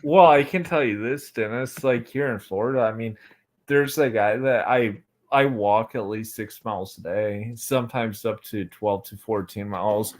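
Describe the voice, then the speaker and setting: A young American man from Florida, appearing as a guest on a livestream interview, speaks at normal speed in a fairly low voice. He talks hesitantly and rambles, with many fillers and restarts.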